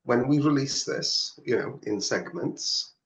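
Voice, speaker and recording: A man's voice: mid-range voice, a little slow. A man co-hosting a podcast, making emphatic, wry points in casual chat. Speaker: podcast co-host. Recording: roomy, dull lo-fi remote audio.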